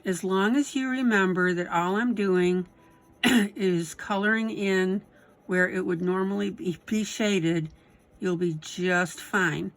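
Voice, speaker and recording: A woman's voice: mid-range voice, fairly even intonation, takes it slowly. A woman giving a step-by-step coloring tutorial, encouraging and often checking in with "okay?" and "right?". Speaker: coloring instructor.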